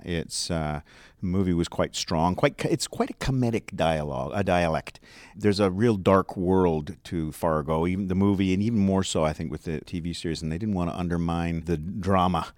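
A low-pitched man answers interview questions as a dialect coach, explaining patiently and filling pauses with "uh". The sound is dry and close, with little room around it. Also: darkish tone, no echo. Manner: explanatory, with frequent fillers. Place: seminar room.

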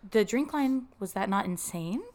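A woman co-hosting a podcast, chatting casually and reacting with quick interjections and laughter. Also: mid-range voice, lively intonation, a little mellow. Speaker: podcast co-host. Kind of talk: casual chat.

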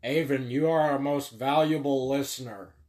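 A man's voice: medium pitch, moderate pace, a little mellow. Crude, teasing young man co-hosting a podcast. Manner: crude, teasing, swears freely. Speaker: podcast co-host. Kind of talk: casual banter.

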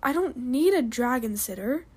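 A woman's voice: high-pitched, lively intonation, normal speed, breathy edge. A woman doing a headstrong young dragon. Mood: growling. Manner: urgent, growling.

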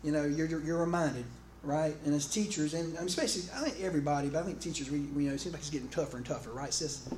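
A male pastor delivers a sermon in a loose, chatty manner, stumbling through restarts and calling out to the congregation for a reply. His voice sits slightly high for a man. The sound carries through a roomy, echoing church hall with faint background noise. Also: quick pace, few pauses. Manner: animated, conversational, with many restarts; calls out to the congregation.

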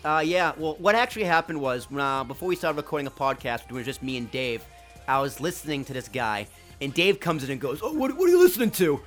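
A man co-hosting a casual wrestling podcast, joking and animated, swearing freely. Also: medium pitch, quick pace, faint music behind. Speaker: podcast founder and co-host.

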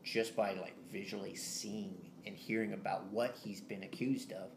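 A man's voice: fairly low pitch, fairly even intonation, normal speed, gravelly. A man co-hosting a casual podcast, laid-back and cracking jokes between interjections. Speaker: podcast co-host. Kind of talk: casual chat. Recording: echoey room with faint background noise.

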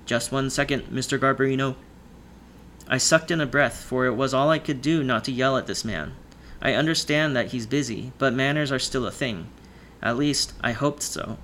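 A man narrating a first-person audiobook in a measured storytelling manner. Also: mid-range voice, a bit bright, slight background noise.

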